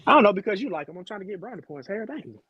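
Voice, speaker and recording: A man's voice: high-pitched, expressive, rapid-fire, a bit bright, slightly rough, dry recording, highs cut off. A man on a casual sports panel, joking around as he gives his picks.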